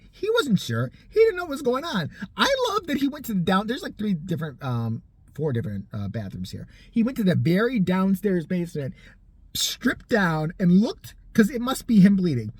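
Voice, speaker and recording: A weary vlogger in their thirties rambles through a story, cursing freely and jumping between tangents. The voice is husky and swings widely in pitch, rising sharply when the story gets wild. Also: no echo. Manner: profane, animated, tangent-prone. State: very tired.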